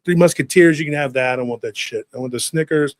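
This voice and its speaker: A man's voice: fairly high pitch, fast talker, dry recording. A man in his forties, a podcast host telling a funny childhood story, acting out the people in it and saying "dude" a lot. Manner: acts out voices of people in his stories, swears casually, says "dude" often. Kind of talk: animated storytelling.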